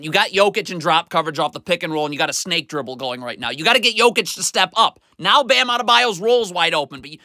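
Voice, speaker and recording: A man with a bright, forceful voice talks through game film in a scolding, exasperated tone. He is recorded close and dry, with no room sound. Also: sits high, no echo. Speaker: basketball film analyst. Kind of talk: video breakdown commentary.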